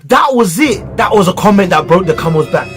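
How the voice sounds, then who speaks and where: A man telling a school story in a casual, animated way, heavy on slang. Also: high voice, brisk, soft background music.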